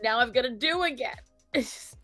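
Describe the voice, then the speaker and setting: Lively high-voiced woman streamer. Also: normal speed, soft background music. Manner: animated, laughing, swearing, dramatic complaints. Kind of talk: casual gaming chat.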